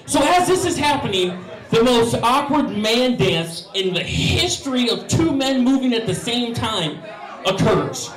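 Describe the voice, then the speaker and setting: High-voiced man doing profane stand-up. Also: measured pace, roomy sound, distant mic, a crowd in the background. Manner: animated, profane, acts out voices. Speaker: stand-up comedian. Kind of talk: stand-up storytelling.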